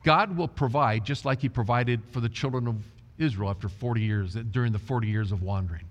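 A man preaching a sermon, speaking in a slow, deliberate way and quoting scripture. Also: mid-range voice, big-room sound, lo-fi sound. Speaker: pastor.

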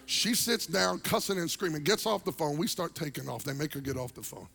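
A male pastor telling a story in a sermon, animated and comedic, swinging between loud punchlines and soft, earnest moments. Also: fairly high pitch, fairly quick, gravelly.

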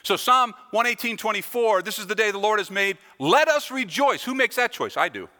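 A pastor preaches a sermon in a high-pitched, pushed and bright voice, speaking briskly. His emphatic delivery rises and falls, returning to repeated phrases, with a long hall reverb trailing behind him.

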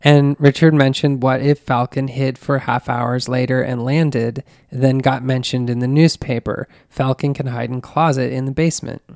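Male podcast host, gravelly, dry sound, animated casual storyteller. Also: medium pitch, normal speed, hardly any pauses, no room sound. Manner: retells a story animatedly, acting out quoted voices.

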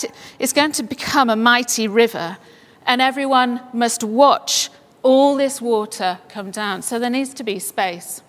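High-voiced woman preaching in a reverberant hall. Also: fairly bright tone. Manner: builds to fervent exclamations. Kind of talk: sermon with scripture reading.

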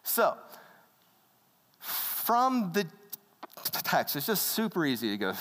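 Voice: medium pitch, big pitch swings, slow, fairly bright tone. A preacher giving a sermon in a casual, conversational storytelling manner, acting out quoted voices. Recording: long hall reverb.

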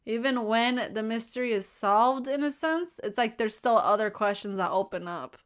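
Female co-host, playful and teasing, quick interjections, casual movie talk. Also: a little high. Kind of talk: casual chat.

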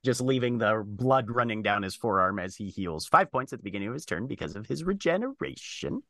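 A man narrating combat as game master in a relaxed, descriptive way. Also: fairly low pitch, brisk, no room sound.

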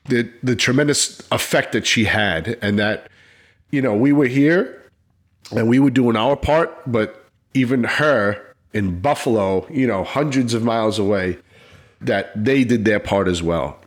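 Earnest middle-aged man telling a story. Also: medium pitch. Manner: earnest, emotional, halting storytelling. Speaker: retired police officer and app founder. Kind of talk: personal storytelling in an interview.

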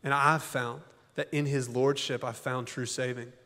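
A man's voice: medium pitch, little pitch movement, normal speed, pushed and bright. A man preaching a sermon as a pastor, in a folksy, conversational way full of rhetorical questions. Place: church auditorium. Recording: long church hall reverb.

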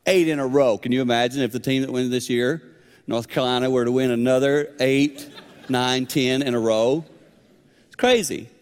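Animated preacher man in his fifties. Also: medium pitch, long reverb tail. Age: 50s. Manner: animated, swings from loud exclamations to near whispers. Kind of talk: sermon. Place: large hall with young audience.

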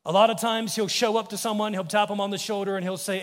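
High-voiced American pastor preaching in a reverberant hall. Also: male voice, flat delivery, quick pace, few pauses. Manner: earnest preaching, voice dropping low and soft on quoted words. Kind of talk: sermon. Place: church sanctuary.

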